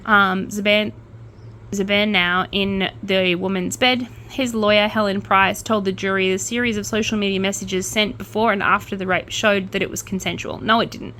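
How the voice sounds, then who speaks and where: A woman's voice: mid-range voice, steady tone, normal speed, pushed and bright, slight background noise. A woman hosting a casual true-crime podcast, blunt and opinionated, with swearing and jokey asides. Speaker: podcast host.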